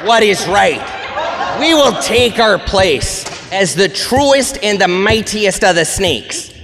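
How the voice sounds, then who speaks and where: A man's voice: high-pitched, expressive, slow pace, fairly bright tone, exaggerated voice. A man playing a boastful male pro-wrestler giving a theatrical promo on a convention stage. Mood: grandiose. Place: convention stage with live audience. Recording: reverberant convention hall.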